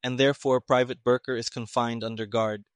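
A quiet, measured detective lays out his reasoning in precise, even words, as a male reader voices him. The sound is dry and close, with no room around it. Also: mid-range voice, smooth, dry recording, lightly acted. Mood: calm. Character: calm, shrewd male detective.

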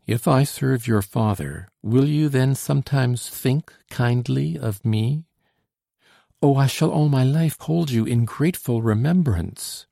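A man's voice: mid-range voice, slow pace, gravelly, hardly any pauses, mellow, no echo, studio quality, voice pushed up. A man reading an audiobook, voicing a devoted, anxious young French woman in a raised, pleading voice. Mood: grateful. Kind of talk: audiobook narration.

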